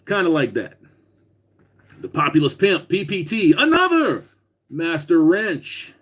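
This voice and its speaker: On a casual livestream, the host swears freely, speaks bluntly, and reads out what viewers comment. His voice sits on the high side with a fairly bright tone and huge pitch swings, and he talks a little slowly.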